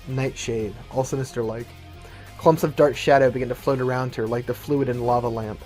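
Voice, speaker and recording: Male YouTuber, steady plain narration of a fan movie plot, mid pitch. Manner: plain, steady storytelling, light commentary.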